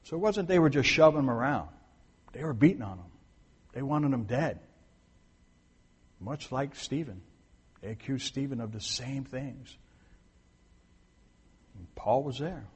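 Husky-voiced man preaching in a reverberant hall. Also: medium pitch, animated, measured pace, pauses often. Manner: conversational, repeats points for emphasis; restarts and corrects himself mid-sentence. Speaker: pastor. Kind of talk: sermon.

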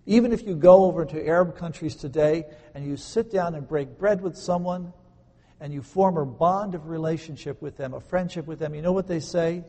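A man preaching a sermon as a pastor, earnest, slowing down to stress key words. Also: on the high side, dark tone. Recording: long hall reverb.

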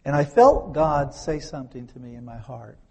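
A man's voice: medium pitch, lively intonation, moderate pace, creaky, mellow. A man in his fifties preaching a sermon, emphatic, repeating key words and putting questions to his listeners. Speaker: pastor.

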